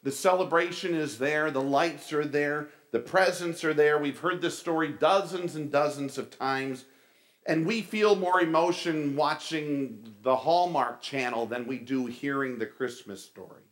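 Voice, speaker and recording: A male pastor preaching a sermon, telling stories with animated delivery and casual asides to the congregation. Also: on the high side, measured pace.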